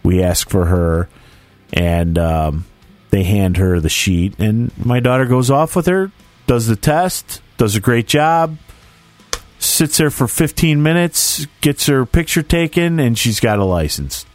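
A man's voice: medium pitch, unhurried, soft background music. A man in his forties telling a family story in casual chat, acting out the voices of the people in it. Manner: animated storyteller who acts out the voices in his stories.

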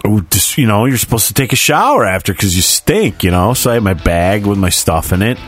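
A man's voice: lowish voice, expressive, a little fast. A man in his forties telling a story as a podcast co-host, swearing freely and acting out his reactions. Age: 40s. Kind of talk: casual storytelling chat.

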